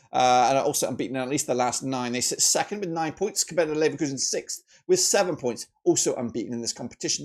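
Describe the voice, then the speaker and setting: A man hosting a football predictions video in a chatty, animated way, often correcting himself. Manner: animated, with frequent jumps in pitch and loudness; chatty, with filler "uh"s and self-corrections. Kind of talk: casual match-prediction commentary.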